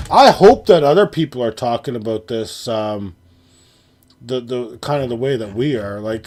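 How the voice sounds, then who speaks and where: A young man hosting a live stream, ranting angrily about basketball and swearing constantly, with loud outbursts between muttered asides. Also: medium pitch. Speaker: livestream host. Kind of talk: profane live-stream sports rant.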